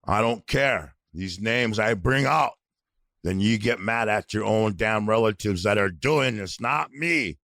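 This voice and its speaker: A middle-aged man from North Dakota rants bluntly on his podcast, swearing freely. His voice sits low with a rough, gravelly edge. The close mic keeps the sound dry and near. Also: lively intonation, unhurried, fairly bright tone, no room sound. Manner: heated, blunt, swearing often. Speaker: podcast co-host. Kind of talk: angry outspoken podcast rant.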